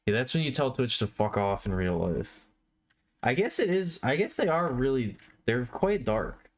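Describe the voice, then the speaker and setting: A man's voice: medium pitch, big pitch swings, normal speed. A man with a middle-range voice chats loosely with his stream viewers as he works on a drawing. He rambles, trails off and corrects himself mid-sentence. He sounds like a live streamer talking off the cuff. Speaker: livestreamer. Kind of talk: casual live-stream chatter to chat.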